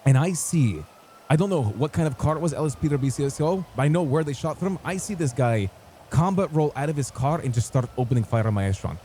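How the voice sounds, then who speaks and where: A man's voice: fairly high pitch, expressive, fast talker, mellow, a little hiss or hum. A man telling a rambling, swearing story in character, acting out quotes as he goes. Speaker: roleplay gamer in character. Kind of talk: animated storytelling in game.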